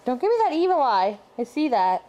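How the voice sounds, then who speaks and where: A woman's voice: high-pitched, very animated, brisk, dark tone. A woman vlogger chatting casually at home, playfully cooing at and teasing her cat. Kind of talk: casual home video chat.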